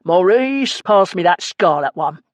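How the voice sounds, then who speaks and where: A man's voice: high voice, lively intonation, measured pace, dry recording. A woman doing a flamboyant, bossy man. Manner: sneering, bossy, theatrical. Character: flamboyant, imperious, sharp-tongued man.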